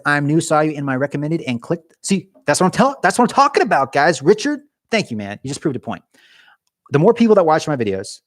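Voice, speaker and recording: A higher-pitched young man hosts a YouTube gaming channel, recorded in clean studio quality with no room sound. He's casual and animated, gesturing as he talks, chatting with live stream viewers and often restarting his sentences.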